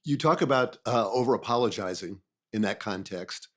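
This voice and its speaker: A man's voice: fairly low pitch, moderate pace, fairly bright tone. A man hosting an interview, affirming his guest and posing questions with some hesitation. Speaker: host.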